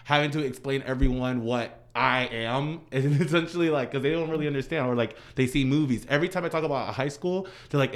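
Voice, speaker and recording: A man's voice: medium pitch, brisk, few pauses. A man in his twenties in casual podcast chat, upbeat and rambling, often restarting his sentences. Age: 20s.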